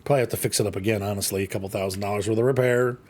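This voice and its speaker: A man's voice: fairly low pitch, fairly even intonation, racing, a little mellow. A man casually commenting while he plays a farming game, rambling, joking and talking to himself. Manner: rambling, playful, jokey asides. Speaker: gaming channel host.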